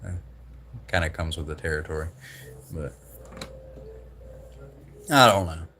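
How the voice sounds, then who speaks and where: Young man, very low voice, slight Southern drawl, loose profane livestream chatter. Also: a little slow, noisy background. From Southern United States. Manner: rambling, profane, laid-back. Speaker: livestream host. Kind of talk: casual livestream chat.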